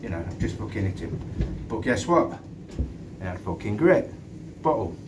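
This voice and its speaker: Speaking casually to camera outdoors, a former doorman, a middle-aged Englishman, recounts a fight in blunt, halting bursts peppered with swearing. His voice runs on the low side with big pitch swings. The mic sits far from him and picks up rushing wind.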